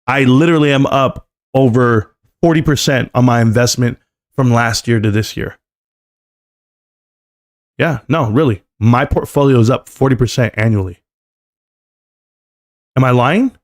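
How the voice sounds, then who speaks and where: A man's voice: mid-range voice, fairly quick. A man ranting at his live chat. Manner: animated, ranting, talks straight to chat. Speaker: live stream host. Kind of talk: casual live-stream rant.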